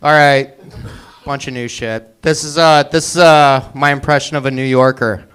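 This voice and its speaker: A man's voice: mid-range voice, fairly even intonation, moderate pace, fairly bright tone, clean tone. A man doing a stand-up set, introducing bit after bit with plain setups. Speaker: stand-up comedian. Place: open mic comedy venue, indoors.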